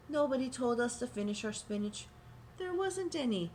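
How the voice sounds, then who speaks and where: A woman reading a children's picture book aloud, adding gentle asides for young listeners. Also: fairly high pitch, lively intonation, moderate pace, slight background noise. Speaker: storybook reader.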